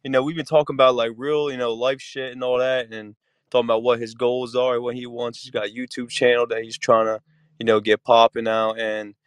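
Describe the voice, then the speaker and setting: A man in his thirties co-hosting a casual podcast, telling a work story in an animated way with plenty of swearing. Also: medium pitch, fairly quick, clear, resonant tone, no room sound. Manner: storytelling, animated retelling with curses. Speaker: podcast co-host. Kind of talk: casual chat.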